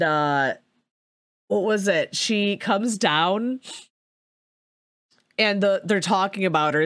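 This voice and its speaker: A young woman tells a movie plot in loose, profane chat, lots of "like" between phrases. Her voice sits a little low and she takes her time. The sound is close and dry, with no room around it. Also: no room sound. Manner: profane, filler-heavy storytelling with animated quoted voices. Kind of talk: casual movie recap chat.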